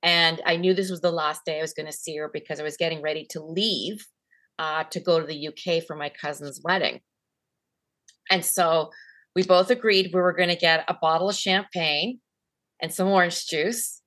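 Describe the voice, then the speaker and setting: A woman's voice: low voice, steady tone, normal speed, fairly bright tone. A woman hosting an interview, talking casually with lots of "like" and "you know" and getting emotional over a memory. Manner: gets emotional telling a memory. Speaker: podcast host.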